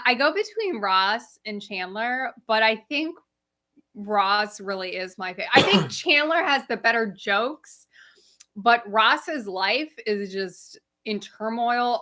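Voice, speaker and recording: A woman from the United States co-hosting a casual livestream, telling stories in a relaxed, animated way. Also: a little high. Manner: relaxed, animated storytelling, says y'all. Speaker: livestream co-host.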